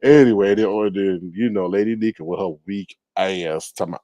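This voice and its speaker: A man hosting a livestream, reading chat and gossiping in a sassy, animated way, often laughing and jumping into high mocking tones. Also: brisk, hardly any pauses, no echo, muffled recording. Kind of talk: casual gossip commentary.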